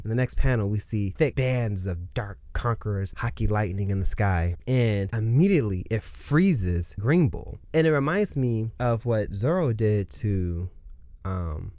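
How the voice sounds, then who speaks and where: A man giving a casual, excitable chapter analysis in slangy speech, acting out the lines he quotes. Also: fairly low pitch, no echo, studio quality. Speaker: manga commentator.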